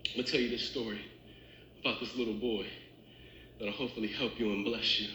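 High bright preacher man, fired up, echoey church w faint music behind. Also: steady tone, brisk, slight background noise. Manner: preaching, building to fervent climaxes. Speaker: pastor. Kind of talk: sermon.

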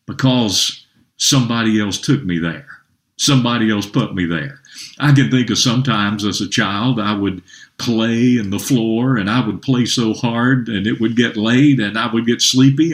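A man pastor preaching a sermon, earnest, with rising emphasis and slowed key phrases. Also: mid-range voice. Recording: roomy echo.

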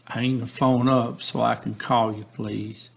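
A man's voice: medium pitch, level tone, measured pace, vocal fry. A man reading the lines of a police negotiator from a case transcript, steadily and repetitively coaxing a man to talk. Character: male police negotiator, patient, persistent, pleading.

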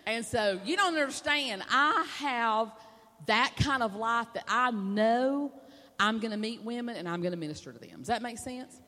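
Animated woman preaching in a hall. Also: a little high, normal speed. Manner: animated, folksy storytelling with laughs and acted-out quotes. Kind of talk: storytelling sermon. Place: stage at a women's conference with a hall's reverb. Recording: long hall reverb.

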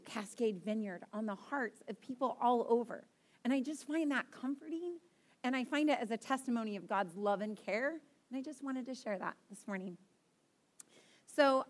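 A young woman preaching to a church congregation, chatty and open in a self-deprecating storytelling way. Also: medium pitch. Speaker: guest preacher. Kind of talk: casual sermon to a congregation. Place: church sanctuary.

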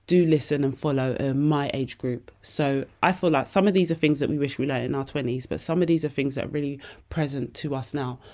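A woman's voice: sits low, dark tone. A woman, hosting a podcast and giving candid, casual advice with plenty of swearing. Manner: candid, swears freely, calls listeners babes. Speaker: podcast host.

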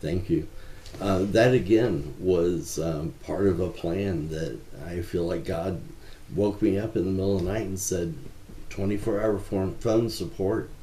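A man with a very deep, mellow voice answers interview questions in an earnest, measured way, often pausing on fillers. His voice carries a noticeable room echo. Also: a little hiss or hum. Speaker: ministry founder, guest. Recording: roomy echo.

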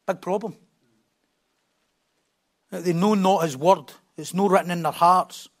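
A high-pitched man preaches from a church platform. He drops to quiet asides, then rises into loud, emphatic bursts, with passion in every line. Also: fairly even intonation, a little slow. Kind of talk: sermon.

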